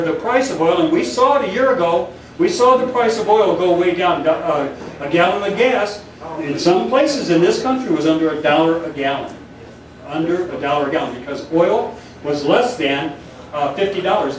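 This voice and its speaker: A man speaking at a political meeting, rambling and telling a joke with acted-out voices. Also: on the high side. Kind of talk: public talk to a meeting. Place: meeting room in a church. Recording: echoey hall, far from the mic, crowd noise.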